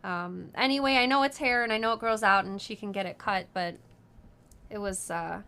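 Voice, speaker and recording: A woman's voice: medium pitch, normal speed, bright, forceful tone, clean tone. A woman hosting a casual live show, chatting with lots of ums and easy laughter. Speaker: host of a sewing live show. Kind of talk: casual live-stream chat.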